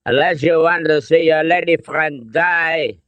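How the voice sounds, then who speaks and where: A brutish, hulking colonel with a thick German accent, barking threats through clenched teeth, as a male reader puts him on. Pitched well above the reader's low voice and slowed for menace, in a dry close recording. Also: clean tone, dry recording, muffled recording, lightly acted. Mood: menacing. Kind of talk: audiobook character voice.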